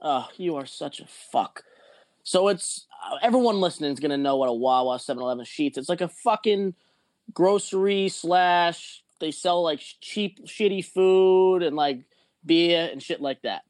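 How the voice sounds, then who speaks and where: A man's voice: fairly high pitch, lively intonation, normal speed, darkish tone, no echo. A man telling a rambling, profane story in a casual podcast chat. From not from Jersey or Pennsylvania.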